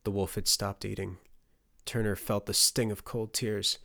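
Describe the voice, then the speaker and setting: A man narrating a fantasy audiobook in a steady storytelling delivery. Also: lowish voice, unhurried, vocal fry.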